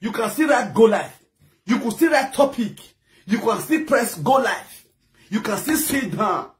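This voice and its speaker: A man's voice: very high-pitched, big pitch swings, normal speed. A man from Edo State with a Nigerian accent, delivering a heated, scolding online rant that switches between pidgin and a local language. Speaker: social media commentator.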